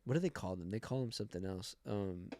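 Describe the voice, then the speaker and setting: A young man from Arizona, a podcast guest telling travel stories in casual chat, animated and swearing, loudly acting out quoted voices. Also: low-pitched, quick pace, a little hiss or hum. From Arizona, United States. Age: young adult.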